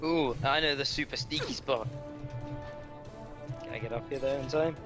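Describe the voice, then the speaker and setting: A man's voice: medium pitch, normal speed, over music. A man playing along as a teammate, chatting casually and asking curious questions about the game. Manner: curious, relaxed, asks questions. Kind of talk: casual gaming chat.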